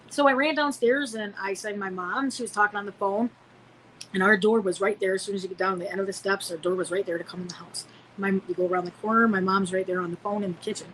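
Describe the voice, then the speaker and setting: A woman's voice: medium pitch, steady tone, fast talker, poor audio. A woman in her forties from Illinois tells a personal story on a podcast. She rambles, doubling back with fillers and restarts, in a mid-range voice over a faint background hum. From Illinois, United States. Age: 40s. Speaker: podcast guest.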